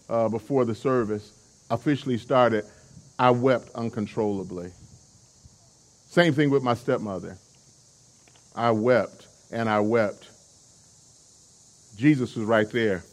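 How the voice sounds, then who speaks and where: A male preacher delivering a sermon, emphatic and calling on the congregation to respond. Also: mid-range voice.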